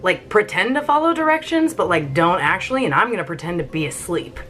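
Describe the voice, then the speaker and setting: A woman's voice: fairly low pitch, sing-song, a little fast, a bit bright, soft background music. A woman voicing a wary young boy who talks in casual, conspiratorial slang.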